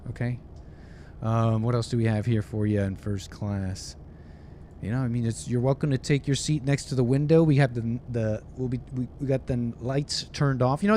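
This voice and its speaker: A man with a middle-pitched voice chats casually on a livestream. He slips into playful mock-pilot announcements. A faint hum sits behind him. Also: darkish tone. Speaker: livestream host reading viewer chats. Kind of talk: casual livestream banter with mock airline-pilot role-play.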